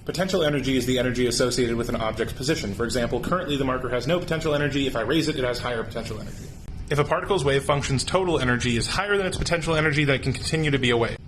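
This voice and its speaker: A young man rattles through a science explainer at a rapid clip, throwing rhetorical questions at the listener. His voice sits at an ordinary middle pitch. A faint hum of room ambience sits under the close recording. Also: fairly bright tone. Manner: quick, punchy delivery with rhetorical questions. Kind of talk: fast science explainer monologue.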